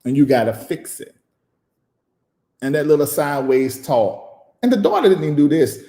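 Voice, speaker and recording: A man who is a preacher and show host giving emotional live-stream commentary, emphatic and preachy, repeating phrases and pausing at length. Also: on the high side, very animated, warm tone, echoey room.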